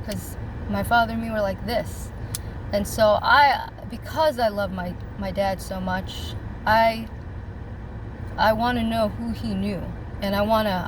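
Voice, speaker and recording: A woman vlogging casually about her faith, rambling and heartfelt, speaking straight to her viewers from a parked car outdoors. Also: mid-range voice. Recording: outdoor traffic noise. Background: car and street noise.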